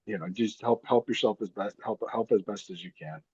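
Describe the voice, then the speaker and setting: A husky, slightly breathy man in his fifties chats casually as an interview guest, circling back over his words and laughing often. The sound is dry and a little muffled, like a lo-fi remote line. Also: fairly low pitch, fairly quick, dark tone, no echo. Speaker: guest, pro wrestler and podcaster.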